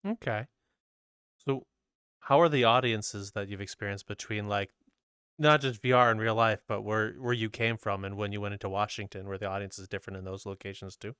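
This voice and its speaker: A man's voice: on the low side, fairly even intonation, fairly quick, fairly bright tone, smooth, no room sound, studio quality. A man hosting a casual podcast interview, curious and asking long questions. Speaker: podcast host.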